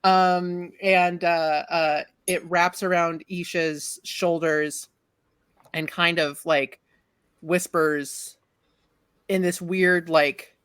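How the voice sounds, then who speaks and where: A woman's voice: fairly low pitch, steady tone, extremely slow, fairly bright tone, clean tone, no room sound, studio quality. A woman narrating as game master of a tabletop role-playing game, giggly and rambling with many fillers.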